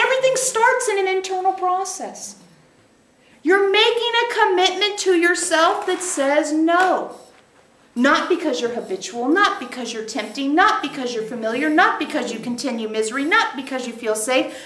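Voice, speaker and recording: High, animated woman channeler in a roomy hall. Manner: emphatic, animated, repeating phrases for stress. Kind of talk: channeled teaching to a small group. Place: meeting room with a group of listeners. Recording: roomy echo.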